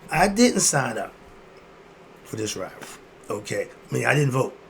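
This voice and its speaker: Gravelly blunt man in his sixties. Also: medium pitch, sing-song, a little slow, slight background noise. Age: 60s. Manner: blunt, preachy, rhetorical questions. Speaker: video host. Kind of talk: ranting monologue.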